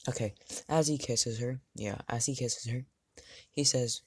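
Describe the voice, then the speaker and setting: A man's voice: mid-range voice, a little slow, slightly rough. A man improvising and narrating a fan story aloud, thinking as he goes and often restarting his sentences.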